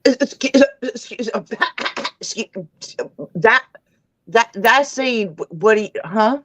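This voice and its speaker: A woman's voice: fairly high pitch, animated, slow, fairly bright tone, dry recording. A woman co-hosting a live book chat over a remote video call, teasing and playfully protesting. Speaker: book club co-host. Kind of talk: casual live-stream chat. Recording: dull, dry video-call audio.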